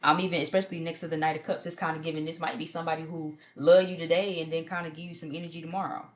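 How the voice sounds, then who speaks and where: A woman's voice: sits low, little pitch movement, very fast. A woman giving a casual tarot reading to viewers in a blunt, profane, conversational way. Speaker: tarot reader.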